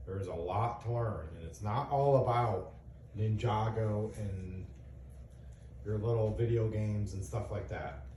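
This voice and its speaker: A middle-aged father lectures his children earnestly, working through examples and asking them questions. His voice sits low and mellow. He sounds a little far from the mic, in an echoey room. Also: a little slow, a little hiss or hum. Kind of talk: casual lecture to kids.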